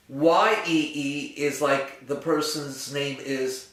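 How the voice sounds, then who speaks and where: A man's voice: a little high, fairly even intonation, takes it slowly, a bit bright. A man teaching a singing lesson, patiently explaining and demonstrating vowel sounds. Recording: roomy, distant mic with piano.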